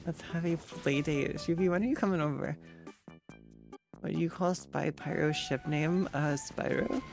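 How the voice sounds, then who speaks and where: A casual gaming streamer who chats with viewers while playing. The voice sits at a middling pitch with a steady gravelly fry, and the delivery stays sarcastic and easily exasperated. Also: normal speed, faint music behind. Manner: chatty, sarcastic, reacting to gameplay and chat.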